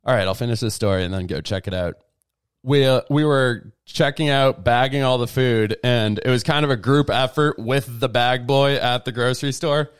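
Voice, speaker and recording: A man's voice: mid-range voice, normal speed, clear, resonant tone. A man co-hosting a casual home podcast, telling rambling stories and mimicking the people he quotes. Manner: rambling storyteller, animated when quoting people. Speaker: podcast co-host. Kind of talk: casual chat. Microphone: desk mic in a home setup.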